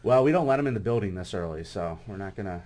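A man's voice: deep voice, animated, fast talker, darkish tone. A man hosting a chat, agreeing briefly and reading listener questions. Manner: brief agreeing interjections, reads plugs and questions. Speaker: host. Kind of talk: interview chat.

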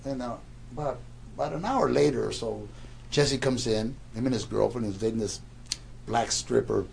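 A man's voice: medium pitch, moderate pace, creaky, a little mellow, slight background noise. A man in his sixties casually telling a rambling anecdote, stammering and repeating words as he goes.

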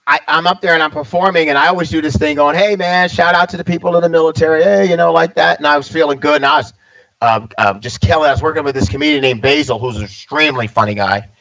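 This fifties-aged comedian's voice is on the high side, fast and gravelly, heard through poor audio. He's an animated storyteller, recounting a personal experience casually and performing the quoted dialogue of others.

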